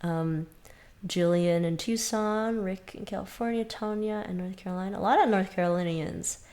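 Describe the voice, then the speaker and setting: A woman's voice: medium pitch, moderate pace, darkish tone. A woman teacher hosting a casual live stream, greeting viewers one by one, slightly sick with a runny nose. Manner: chatty, reads out viewer names one by one. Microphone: webcam mic, leaning in and backing away.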